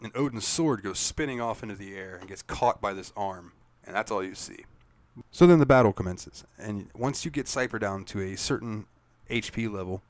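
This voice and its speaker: A man with a fairly low voice co-hosts a casual gaming podcast, retelling scenes with plenty of swearing and laughter. His voice sits close to the mic in a dry, deadened space. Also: normal speed, dry recording. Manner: profane, laughing recap storyteller. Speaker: podcast co-host.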